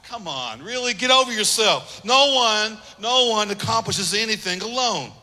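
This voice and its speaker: A man's voice: high-pitched, lively intonation, normal speed, bright, forceful tone. A man preaching a sermon as pastor, emphatic, repeating phrases and acting out little quotes. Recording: long hall reverb.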